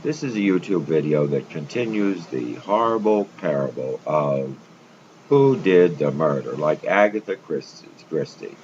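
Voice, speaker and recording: A man telling a rambling, stammering monologue, repeating himself as he goes. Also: sits low. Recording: muffled lo-fi with faint room noise.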